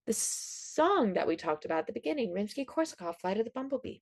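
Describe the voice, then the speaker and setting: A woman's voice: fairly high pitch, sing-song, fast, few pauses, darkish tone, no echo. A woman music teacher, upbeat and enthusiastic, explaining classroom activities to other teachers.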